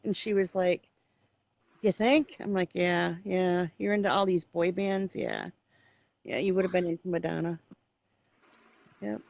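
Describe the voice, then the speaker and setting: A woman's voice: fairly low pitch, unhurried, gravelly, long pauses, dry recording, muffled recording. A middle-aged woman hosting a talk show, chatting and animatedly acting out family stories. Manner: animated storyteller, acts out her daughter's lines. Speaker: show host. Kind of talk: casual chat.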